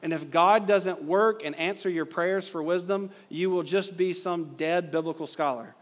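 A man preaching from the pulpit in a voice a touch higher than most men's. He is emphatic and builds intensity with rhetorical questions. His words trail off into the long reverb of a large hall. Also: moderate pace. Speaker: pastor. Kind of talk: sermon.

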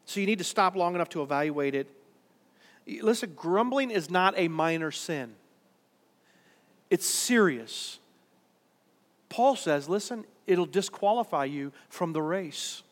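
A male pastor preaching to his congregation in a church worship center. His voice is high and bright, and it carries a long hall reverb. He talks in a conversational way and then rises to emphatic peaks. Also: expressive, unhurried, pauses often. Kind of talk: sermon.

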